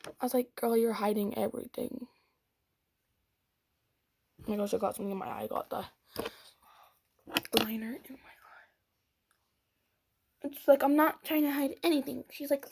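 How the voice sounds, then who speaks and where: A woman's voice: fairly high pitch, steady tone, normal speed, pauses often, warm tone, breathy edge. A young woman telling a dramatic storytime about a fight, with whispered asides and acted quotes. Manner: dramatic retelling, whispering asides, quoting in voices. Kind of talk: storytime vlog.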